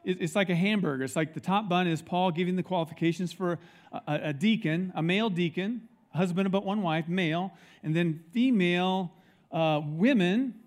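A middle-aged man preaches a sermon from a church stage, his voice sitting a touch higher than most men's. He tells stories with animated energy and acts out the people he quotes. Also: normal speed. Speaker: pastor.

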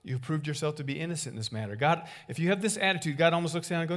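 A man preaching a sermon in a somewhat high voice. He is animated, acting out little exchanges and swinging from soft to loud. He sounds like a pastor talking to his congregation. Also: fast. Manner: animated, acts out little dialogues with wide swings in loudness.

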